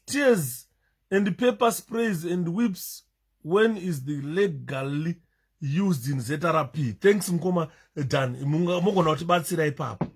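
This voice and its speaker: Emphatic, emotional male commentator, husky. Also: high voice. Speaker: political commentator. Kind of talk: commentary over video clips.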